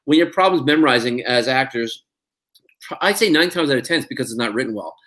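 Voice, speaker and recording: Speaking quickly with lively intonation and a fairly bright, medium-pitched voice, this male actor is a guest in an interview. His casual chat rambles, with lots of fillers and restarts and frequent laughter.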